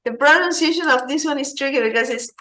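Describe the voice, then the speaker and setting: A woman teaching an English lesson, slowly explaining words with glosses. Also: high-pitched, sharp tone. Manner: slow, patient, explaining vocabulary with Spanish glosses.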